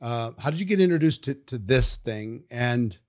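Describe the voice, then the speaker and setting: A man hosting an interview, asking questions in a halting way while he searches for words. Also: mid-range voice, lively intonation. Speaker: podcast host.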